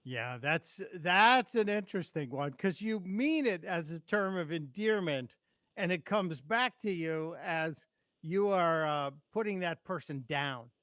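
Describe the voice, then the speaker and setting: A middle-aged man filling in as host of a call-in radio show, chatty and quick to laugh, apologizing for technical glitches. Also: a little high, lively intonation, fairly bright tone, no echo, clean studio sound. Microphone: studio microphone.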